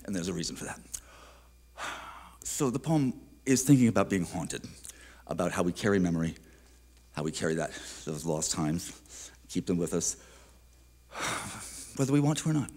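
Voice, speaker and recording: A man giving a poetry reading at a museum, introducing his poem in a reflective, unhurried way with small hesitations, then reading it aloud. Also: sits low, sing-song, a little mellow. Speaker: featured poet. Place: live reading in an art museum.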